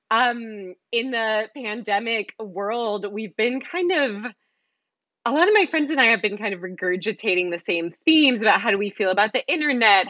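A woman's voice: mid-range voice, fairly bright tone, no room sound, dull audio. A woman who is a writer and artist, a podcast guest who talks reflectively and laughs easily. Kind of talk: casual podcast chat.

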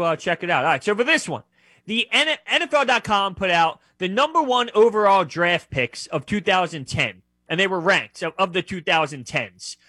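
High bright-voiced man talking sports. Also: breathy edge, dry recording. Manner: animated, argumentative, quick to jump in. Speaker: sports radio co-host. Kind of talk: casual sports talk.

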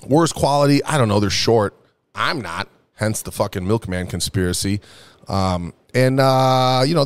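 Tipsy young male host, lowish voice with a lot of swing, profane and rambling. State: tipsy from drinking. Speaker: podcast host. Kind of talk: casual comedic monologue.

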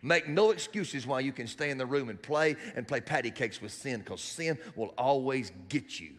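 A man preaching a sermon in a church hall, animated and building to shouts. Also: mid-range voice, normal speed.

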